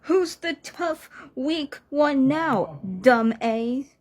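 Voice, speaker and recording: A woman voicing a small, terrified male cartoon rabbit, crying and yelling in rage, in an amateur fan audio drama. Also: sits high, extremely slow, pitched above the performer's own voice. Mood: defiant. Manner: shouting, tearful and enraged.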